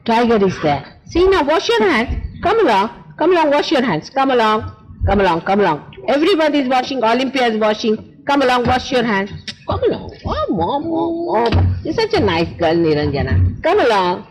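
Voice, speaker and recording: Woman coaxing children with lively pitch. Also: fairly quick, faint music behind. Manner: coaxing, repetitive, motherly urging of children. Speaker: spiritual teacher leading a ceremony. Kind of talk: informal instructions at a ritual gathering. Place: indoor ritual gathering. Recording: noisy live event recording.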